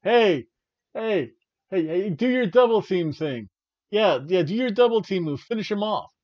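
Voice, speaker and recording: A man voicing a pushy wrestling manager, shouting orders at his team. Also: high-pitched, lively intonation, a little slow, muffled recording, pitched above the performer's own voice. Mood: bossy.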